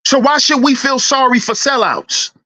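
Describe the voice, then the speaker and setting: Hosting a livestream, a man rants in a heated, preachy, profane way and keeps repeating his lines for emphasis. His voice is extremely high-pitched and animated, with a bright, forceful tone at a moderate pace.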